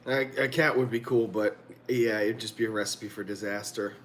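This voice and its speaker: A man's voice: fairly low pitch, steady tone, moderate pace, slight background noise. Rambling, laughing livestream host man. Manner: rambling, profane, laughs often. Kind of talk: casual chat. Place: home room.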